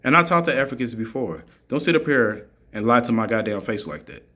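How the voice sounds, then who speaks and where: A man's voice: mid-range voice, lively intonation, brisk, sharp tone. A man in a heated monologue, answering critics in an argumentative, mocking way and repeating his points for emphasis. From United States.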